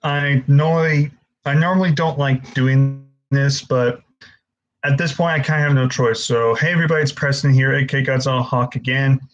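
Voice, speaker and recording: A man's voice: mid-range voice, steady tone, moderate pace, muffled recording. A young man hosting a casual live-stream Q&A, frustrated and stammering, swearing often as he answers viewers.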